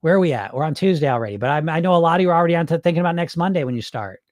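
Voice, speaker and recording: A man's voice: a little high, expressive, racing, darkish tone, no room sound. A man coaching dieters in a live-stream talk, blunt, profane and mocking as he acts out their excuses. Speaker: weight loss coach.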